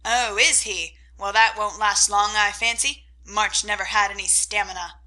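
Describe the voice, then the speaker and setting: A woman playing a gruff sharp old aunt. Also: a little high, moderate pace, rough recording. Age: older.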